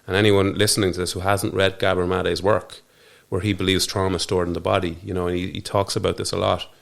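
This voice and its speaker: An Irish man, a podcast guest, speaks earnestly in a reflective studio interview, often restarting and trailing off mid-thought. His voice is low and gravelly, with a flat delivery and a fast pace.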